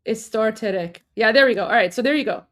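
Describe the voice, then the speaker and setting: A woman's voice: fairly high pitch, rapid-fire, fairly bright tone. A woman co-hosting a livestream, chatting casually with lots of fillers and restarts and frequent laughter. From Iran. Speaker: livestream co-host.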